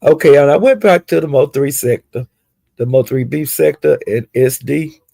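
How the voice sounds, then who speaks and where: Gravelly, husky man recapping gossip. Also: medium pitch, normal speed, no echo. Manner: rambling, animated retelling with restarts and asides. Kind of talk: casual gossip recap of livestreams.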